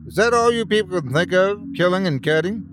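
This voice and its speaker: A man's voice: mid-range voice, sing-song, moderate pace, noisy background, lightly acted. A man voicing a large, polite talking alien creature who speaks in a genteel, reasonable way. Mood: courteous calm.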